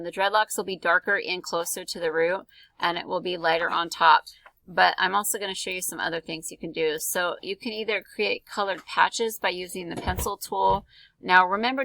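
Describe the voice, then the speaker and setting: In a fairly low, gravelly yet bright voice with a forceful tone, a woman art teacher talks through a screen-recorded drawing tutorial. She's casual and chatty, full of ums and likes, and the recording is dry and low in quality.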